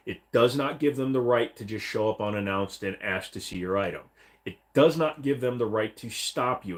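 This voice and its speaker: A man hosting a casual livestream, chatting bluntly and profanely while reading viewer comments aloud. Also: mid-range voice. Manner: blunt, profane and rambling, mock-voices chat messages. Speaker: livestream host.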